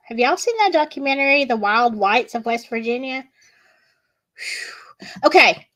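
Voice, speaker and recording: Southern woman streamer, slightly high voice, slow chatty storytelling. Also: animated, bright, forceful tone. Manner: chatty, gossipy, reads chat aloud. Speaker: livestream host. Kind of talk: casual livestream chat.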